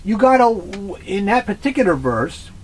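A man's voice: high-pitched, very animated, normal speed, breathy edge, rough recording. A man in a heated religious discussion, talking in an insistent, emphatic, lecturing way.

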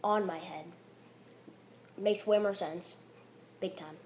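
A woman commentating a video game she is playing, excitable, full of exclamations and trash talk. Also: medium pitch, slow, slight background noise. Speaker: gaming commentator. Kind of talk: gameplay commentary.

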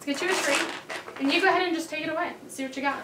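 A woman's voice: sits high, very fast, reverberant, recorded from a distance, background noise. A woman showing off her dog's tricks in a chatty, casual talk, laughing often. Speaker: dog owner showing tricks. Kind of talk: casual chat.

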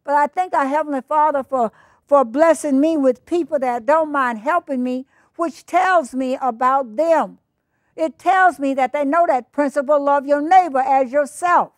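A woman with a high voice preaches in a loose, conversational way, drifting into asides and acting out what people say. The sound is dry and close, with no room echo. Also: normal speed. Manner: conversational, acts out quoted voices, rambling asides. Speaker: Bible teacher. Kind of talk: informal sermon.

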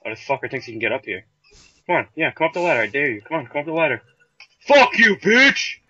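A young man with a husky, slightly rough voice rattles off quick, taunting trash talk during a shooter match. His voice is bright and lively, heard dry and dull through lo-fi voice chat. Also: mid-range voice, dry recording. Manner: fast, taunting, trash-talking. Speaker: gamer. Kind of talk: casual gameplay commentary with a friend.

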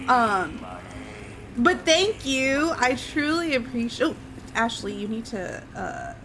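Slow-paced and a little high, with lively intonation and a slightly bright tone, a woman chats casually with viewers while streaming a game. There's a little hiss or hum, and she sounds apologetic and easily spooked.

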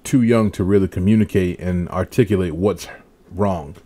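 A man's voice: sits low, moderate pace, dark tone. A man in his thirties from Rhode Island, co-hosting a podcast in casual chat, joking and laughing often. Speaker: podcast co-host.

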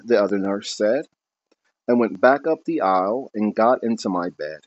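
A man narrating a novel in the first person with a calm, expressive reading style. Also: fairly low pitch, moderate pace. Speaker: audiobook narrator. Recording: dull lo-fi recording.

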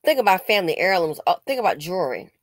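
Woman commentator, lively swooping delivery, indignant and scolding, dry close sound. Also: lowish voice, fast, no echo. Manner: indignant, scolding, with sarcastic exclamations. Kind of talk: casual news commentary.

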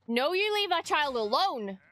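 A young woman streamer reacting to a TV episode at home, talking casually and breaking into quick, excitable exclamations. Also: high voice, faint music behind. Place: home room, wrapped in a blanket.

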